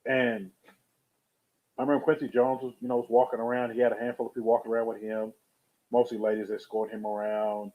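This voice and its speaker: A man's voice: medium pitch, monotone, fast talker. Chatty man with a tinny sound. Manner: rambling, chatty, greets viewers from chat. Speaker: live streamer. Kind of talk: casual live-stream storytelling. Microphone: webcam or USB streaming setup.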